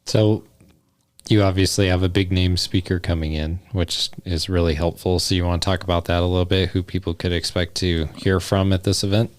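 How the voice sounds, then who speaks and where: Host: extremely deep male voice, upbeat interviewer, dry close mic. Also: flat delivery, brisk, dry recording. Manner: friendly, enthusiastic interviewer. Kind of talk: casual radio chat.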